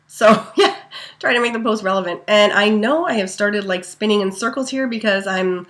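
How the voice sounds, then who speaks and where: A woman's voice: mid-range voice, normal speed, fairly bright tone. A woman giving a casual, rambling training talk to her network marketing team, full of fillers and asides. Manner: chatty, rambling, many ums and likes.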